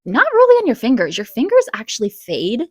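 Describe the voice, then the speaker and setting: A woman's voice: a little high, slightly rough, dry recording. Chatty young woman vlogger, dry sound. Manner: chatty and animated, quick bursts and gasps. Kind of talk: casual storytime vlog.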